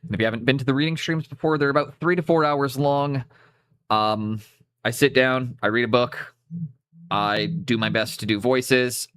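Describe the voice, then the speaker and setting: With a mid-range, slightly bright voice that's clear and resonant, a young Canadian man chats on a live stream at normal speed. The cheap USB mic yields clean, studio-like sound with no room sound, while he rambles, cuts himself off, and swears casually.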